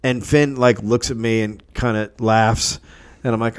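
A man hosting a casual chat, telling animated, profane anecdotes and acting out the quotes. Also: mid-range voice, moderate pace.

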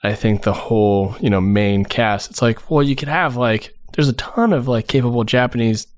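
A man co-hosting a podcast in an animated, somewhat hesitant way, full of fillers, sometimes jumping into high silly voices. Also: moderate pace, no room sound, studio quality. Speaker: podcast co-host. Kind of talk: casual chat.

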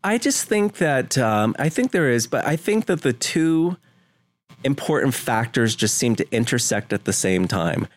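A home video producer from Vermont, USA, appears as a guest in a conversational podcast interview, speaking earnestly and emotionally with rambling restarts. His mid-range voice swings widely in pitch, his pace is a little slow, and the recording is dry.

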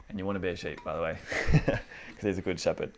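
Animated man giving a casual talk. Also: low voice, a little hiss or hum. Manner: animated, conversational, acts out inner voices. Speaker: small-group preacher. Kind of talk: casual informal sermon. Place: indoor gathering with a small group.

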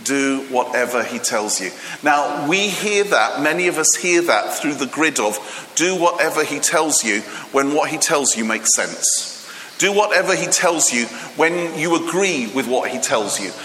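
A man's voice: a little high, expressive, a little slow, bright, forceful tone, slight background noise. A man preaching a humorous, chatty sermon, joking with the congregation and using many fillers. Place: church hall. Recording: echoey hall with long reverb.

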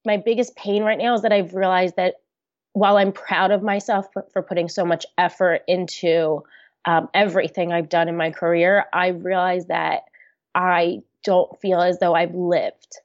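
A woman's voice: lowish voice, little pitch movement, moderate pace, no echo. Earnest woman guest, dry dull sound. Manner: open, earnest, talks with many restarts and fillers. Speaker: podcast guest. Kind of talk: candid conversational interview.

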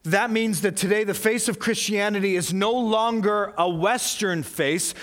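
A male pastor delivers a sermon in a notably high voice, taking his time over every phrase. He drives points home through repetition, rising to loud, emphatic peaks before sinking into hushed, intense passages. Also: unhurried.

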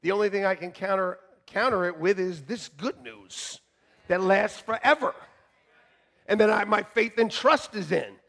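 High-voiced pastor swinging between hush and shout. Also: male voice, lively intonation, moderate pace. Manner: swings from quiet asides to shouted emphasis, joking with the congregation. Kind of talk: sermon. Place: church sanctuary.

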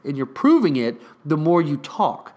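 A man's voice: on the high side, very animated, normal speed, darkish tone. A young man casually telling a profane, rambling workplace story to his viewers. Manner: profane, rambling, acts out quotes. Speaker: hotel worker telling a story.

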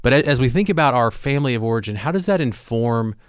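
A man's voice: medium pitch, animated, quick pace, smooth, no echo, clean studio sound. A man co-hosting a leadership podcast, talking in a thoughtful, earnest way with frequent fillers and restarts. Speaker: podcast co-host.

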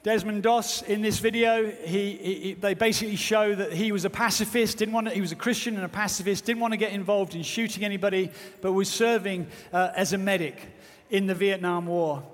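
A man's voice: sits high, steady tone, a little fast, hardly any pauses. A man preaching a sermon with fervent, earnest exhortation. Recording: long hall reverb.

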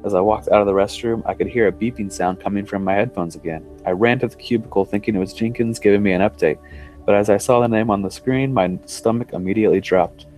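A man reading a first-person horror story aloud in a measured, suspenseful way. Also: fairly low pitch, a little mellow, faint music behind. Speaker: podcast storyteller.

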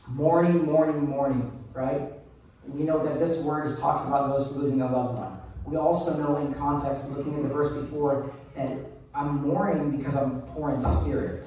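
A man's voice: mid-range voice, darkish tone. Male pastor, casual earnest sermon delivery, distant mic, reverberant church room with faint background hum. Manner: conversational, earnest, with many restarts.

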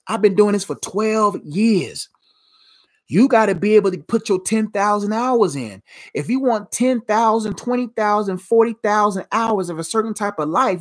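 A man preaching a casual, slangy sermon, swinging between emphatic bursts and hushed asides. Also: high voice. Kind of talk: sermon with live Q and A.

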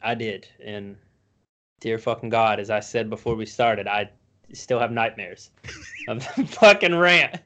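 A man co-hosting a casual podcast, swearing freely as he tells animated stories. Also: lowish voice, a little slow, a little hiss or hum. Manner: profane, animated storytelling. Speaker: podcast co-host. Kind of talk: casual chat.

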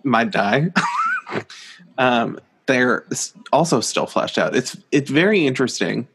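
A man's voice: medium pitch, expressive, slow pace, a bit bright, husky. A man co-hosting a casual book chat, chatty and laughing often. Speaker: podcast co-host.

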